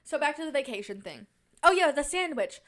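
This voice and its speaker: High-voiced, rambling young woman podcaster. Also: brisk. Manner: rambling, animated storytelling with jokey asides. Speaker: podcast host. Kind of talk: casual solo podcast chat. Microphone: podcast microphone on a stand.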